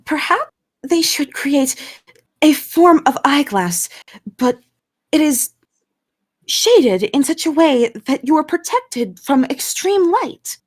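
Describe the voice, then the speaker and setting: A woman playing her character in a tabletop game, genteel and curious, with an unhurried, playful manner. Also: high voice, sing-song. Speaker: player.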